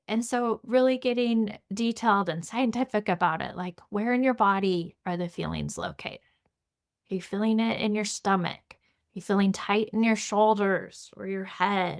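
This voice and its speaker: A woman's voice: mid-range voice, a bit bright. A woman teaching a mindfulness class, talking in a conversational way and asking her listeners many guiding questions. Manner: conversational, asks many guiding questions, frequent "you know" and "right". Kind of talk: recorded class lecture.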